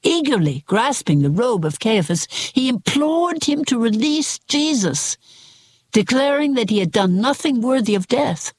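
A reader giving a measured, expressive scripted narration of a religious book. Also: medium pitch. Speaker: audiobook reader.

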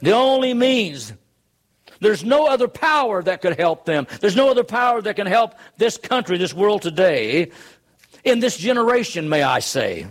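A man's voice: high voice, sing-song, normal speed. A man preaching a sermon, earnest and emphatic, driving his points home with rhetorical questions.

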